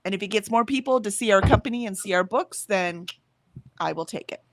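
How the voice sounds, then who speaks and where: Woman, casual livestream host, emphatic and chatty, reads comments aloud, mid pitch, dry close mic. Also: dry recording. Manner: chatty, emphatic, quick to laugh. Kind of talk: casual chat, reading out viewer comments.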